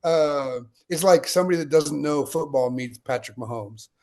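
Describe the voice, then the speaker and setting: A man's voice: fairly high pitch, brisk, darkish tone. A man in his late thirties from Utah, a guest telling a long story in a casual, digressive interview style. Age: late 30s.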